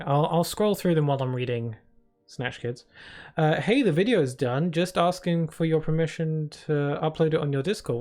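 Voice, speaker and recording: A man's slightly high, darkish voice carries a casual, playful live-stream chat as he plays a video game. He responds to viewers with frequent filler words and restarts, and game music can be heard behind him.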